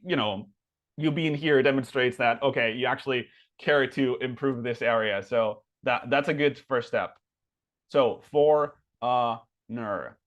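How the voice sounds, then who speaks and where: Chatty man teaching pronunciation. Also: medium pitch. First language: Spanish. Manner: chatty, many fillers, slows down to model words. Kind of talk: casual webinar teaching.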